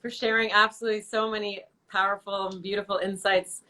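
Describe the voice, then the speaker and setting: A woman hosts a casual livestream interview, full of gushing thanks and enthusiasm. Her voice is bright and forward, at a middling pitch for a woman. She comes through a video-call connection. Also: little pitch movement. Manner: effusive and enthusiastic, quick to laugh. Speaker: host.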